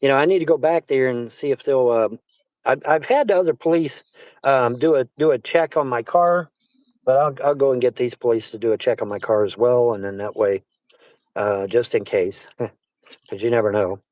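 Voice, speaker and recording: A man's voice: medium pitch, normal speed, no echo, highs cut off. A man hosting a casual chat, rambling and repeating himself, swearing often. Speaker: livestream host. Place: Arizona.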